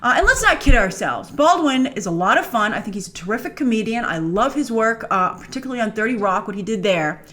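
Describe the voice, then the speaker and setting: A woman host delivers critical movie commentary in a fairly high voice. Her pitch swings widely as she stresses her points with emphatic energy. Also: sing-song, quick pace, few pauses, fairly bright tone. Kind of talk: opinionated movie news commentary.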